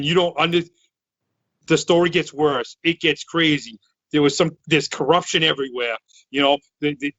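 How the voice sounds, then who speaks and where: A man from Massachusetts in his thirties, a podcast co-host telling a long story in a loud, excitable, rambling way, full of restarts. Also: on the high side, no room sound, muffled recording. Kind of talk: casual storytelling chat.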